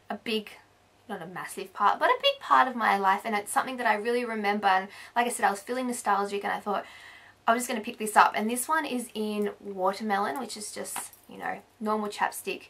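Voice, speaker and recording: Gravelly Australian woman vlogger. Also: medium pitch, fairly quick, fairly bright tone. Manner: chatty, rambling, self-correcting. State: losing her voice. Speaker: beauty vlogger. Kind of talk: casual haul video chat.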